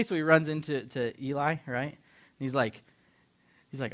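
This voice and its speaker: Man, middle-aged, sermon, fairly high voice, animated storytelling, acts out characters. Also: fast. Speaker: pastor or Bible teacher. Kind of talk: lively sermon retelling a Bible story.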